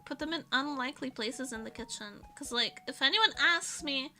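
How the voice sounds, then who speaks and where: A woman's voice: sits high, moderate pace, bright, forceful tone, soft background music. A young woman streamer chatting casually, rambling and self-mocking with frequent laughs. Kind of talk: casual chat.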